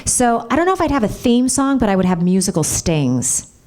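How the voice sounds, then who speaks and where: A voice actress chatting bubbly and gushing with fans at a convention panel. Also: female voice, fairly high pitch, big pitch swings, brisk, a little mellow, slight background noise.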